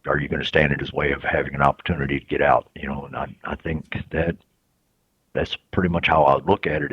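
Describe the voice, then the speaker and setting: A man giving reflective interview answers in a halting, soft-spoken way with many restarts. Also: extremely low pitch, breathy edge, dry recording. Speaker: incarcerated interviewee. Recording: dull lo-fi recording.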